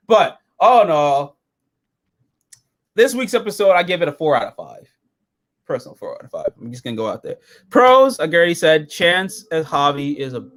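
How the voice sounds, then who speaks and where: A man co-hosting a casual episode review, profane and excitable, jumping into silly quoted voices. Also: on the high side, slight background noise.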